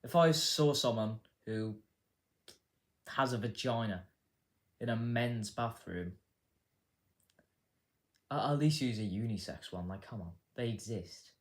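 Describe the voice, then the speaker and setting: A man's voice: fairly low pitch, slow pace, long pauses. A man hosting a casual news commentary show, rambling and swearing with a sarcastic edge. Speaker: host.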